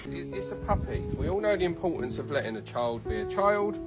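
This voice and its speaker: A man in a relaxed, chatty way giving dog walking advice, often checking in with "yeah". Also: on the high side, fairly quick. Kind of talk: casual instruction on a walk. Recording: loud music over the voice.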